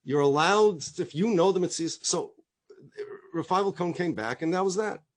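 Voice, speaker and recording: A man's voice: high voice, normal speed. A middle-aged man speaking as a rabbi, telling stories in conversation, acting out the dialogue and repeating himself as he goes. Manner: animated storyteller, acts out quoted dialogue, frequent repetitions.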